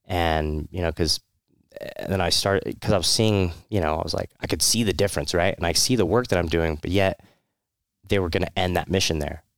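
A veteran opens up in an interview, his voice low and gravelly. He speaks with candor and rambles through restarts and fillers, with short laughs. The sound is close and dry. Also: fairly quick, no room sound. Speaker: military veteran guest. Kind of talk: candid personal storytelling.

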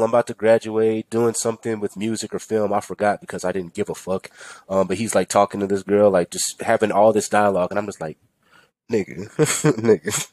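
Male podcast host, low-pitched, dry close mic, profane venting storyteller. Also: a little fast, a little mellow, no room sound. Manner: profane, rambling, venting with mock-quoted rants. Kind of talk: casual storytelling monologue.

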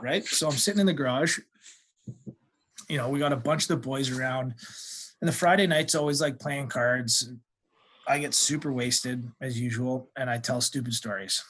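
A young man who is a guest on a podcast, telling stories in casual chat, swearing freely and animated. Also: mid-range voice, normal speed, pauses often. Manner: profane, animated storyteller.

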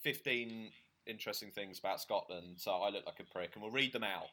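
A man's voice: on the low side, brisk, bright, forceful tone. A man co-hosting a podcast, chatting casually in a joking, rambling, self-mocking way. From Britain. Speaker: podcast co-host. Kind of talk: casual chat.

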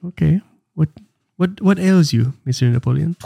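A man voicing a flustered French housewife in a comedy sketch, fussing in a frantic, raised falsetto. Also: normal speed, vocal fry, mellow. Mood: fussy.

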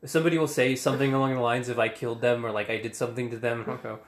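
A man's voice: mid-range voice, steady tone, very fast. A man co-hosting a podcast, chiming in with dry, teasing jokes. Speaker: podcast co-host. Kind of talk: casual podcast chat. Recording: echoey room.

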